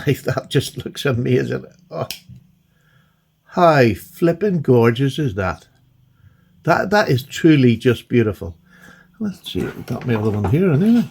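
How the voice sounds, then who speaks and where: A man chatting excitedly and gushing as he unboxes and admires his new knives. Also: medium pitch, vocal fry, breathy edge. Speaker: knife collector vlogger. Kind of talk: casual unboxing chat.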